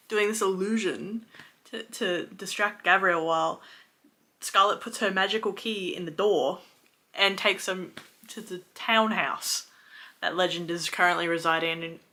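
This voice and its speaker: Bright, animated young woman recapping books. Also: medium pitch. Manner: animated, exasperated, swears often. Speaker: book reviewer. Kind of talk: casual book recap.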